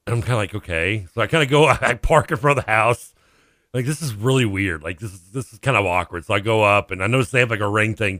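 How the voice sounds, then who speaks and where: Animated, bright-voiced male radio co-host. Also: lowish voice, no room sound, studio quality. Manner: animated storyteller, acts out quoted voices, laughs often. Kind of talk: casual radio chat, storytelling. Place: radio studio. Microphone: studio microphone.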